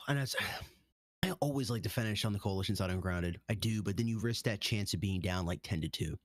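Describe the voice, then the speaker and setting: Man in low-voiced esports play-by-play. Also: fairly quick, no echo, studio quality. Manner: excitable, rambling play-by-play. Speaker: esports caster. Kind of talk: live esports commentary.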